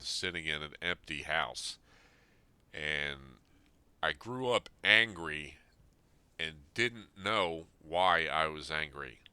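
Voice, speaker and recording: Man in his fifties, podcast host, very low voice, smooth and resonant; earnest, plain-spoken reflection. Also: sharp tone, dry recording. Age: 50s. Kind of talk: reading a personal letter aloud, then reflective talk.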